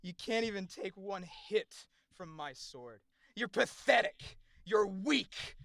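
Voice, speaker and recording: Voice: mid-range voice, lively intonation, slow, creaky, dry recording, exaggerated voice. A cackling sword-wielding villain. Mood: cruel taunting. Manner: taunting, shouting, maniacal laughter. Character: gloating sword-wielding villain, cruel and triumphant. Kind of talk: voice acting audition clip.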